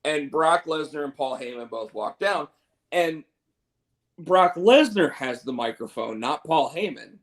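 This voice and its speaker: A man co-hosting a casual wrestling chat, animated and swearing often while acting out quotes. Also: fairly high pitch, a little slow. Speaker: podcast co-host.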